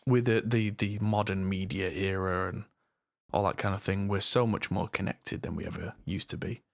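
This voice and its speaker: English man from the north, chatty streamer, rambling mixing engineer, lowish voice, dry close sound. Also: fairly even intonation, moderate pace, creaky, dry recording. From north of England. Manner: rambling, chatty, self-deprecating. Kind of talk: casual live-stream chat.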